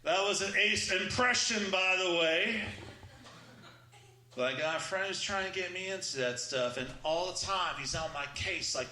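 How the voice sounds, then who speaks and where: A man's voice: sits high, lively intonation, normal speed, bright, forceful tone, echoey room. A man doing a stand-up comedy set, telling wry stories and acting out quotes. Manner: wry storytelling with acted-out quotes.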